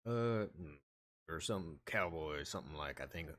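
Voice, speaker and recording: A man's voice: extremely low pitch, animated, unhurried, a bit bright. Casual swearing male game streamer. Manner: casual, swears, thinks aloud. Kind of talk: game let's play with voiced reading.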